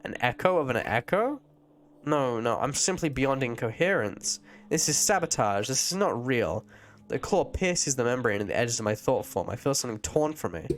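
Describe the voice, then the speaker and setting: A man voicing an ancient disembodied echo spirit in an improvised live-stream role-play, speaking in slow, formal, archaic phrasing. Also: mid-range voice, expressive, voice pushed down, lightly acted. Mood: alarmed.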